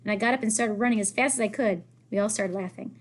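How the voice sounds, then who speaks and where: A woman reads a children's novel aloud in a lively way. She lifts her voice when the characters speak. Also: mid-range voice, fast. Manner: lively, raises voice for characters' lines. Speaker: reader.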